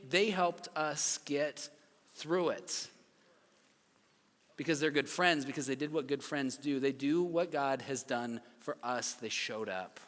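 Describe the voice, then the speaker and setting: A man in his thirties preaching to a youth group with a slightly high voice. He tells stories with animated energy and acts out the people he quotes, and his voice rings with a long hall reverb. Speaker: youth pastor. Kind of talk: youth sermon.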